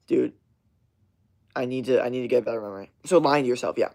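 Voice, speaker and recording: A man's voice: mid-range voice, fast talker, vocal fry, pauses often, darkish tone. A young man streaming a casual rant to his chat, swearing constantly and rambling with many fillers and restarts.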